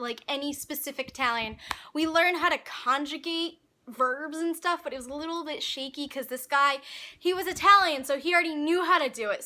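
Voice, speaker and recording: A young woman casually telling a story about her college days, chatty and animated, with lots of fillers and asides. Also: sits high. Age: young adult. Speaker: vlogger.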